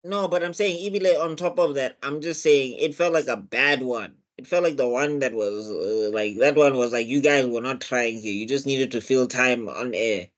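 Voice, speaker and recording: A man co-hosting a casual podcast chat reviewing a TV show, animated with quick asides. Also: medium pitch. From South Africa. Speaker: podcast co-host.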